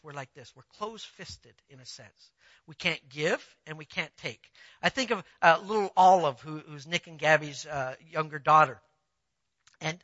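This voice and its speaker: A pastor preaching a sermon in a conversational way, telling personal stories and often asking the listeners if they follow, swinging between quiet asides and emphatic points. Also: medium pitch, dry recording, lo-fi sound. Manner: conversational preaching, asks the audience "you see what I'm saying".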